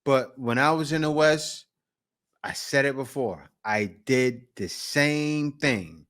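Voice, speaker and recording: A man's voice: mid-range voice, takes it slowly, fairly bright tone. A man hosting a reaction video, giving blunt, opinionated casual commentary.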